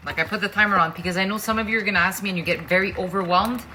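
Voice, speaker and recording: A cooking show host stands at the stove in her kitchen, chatting directly to viewers with frank asides during a casual demonstration. Her medium-pitched voice is rapid-fire and sharp, with clear frying and sizzling, stirring and clicks behind it.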